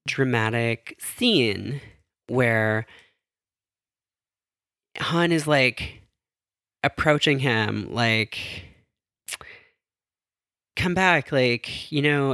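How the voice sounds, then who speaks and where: A man's voice: mid-range voice, a bit bright, smooth, dry recording, clean studio sound. Chatty man rambling with fillers. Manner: chatty and self-correcting. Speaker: podcast host. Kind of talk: casual solo podcast recap.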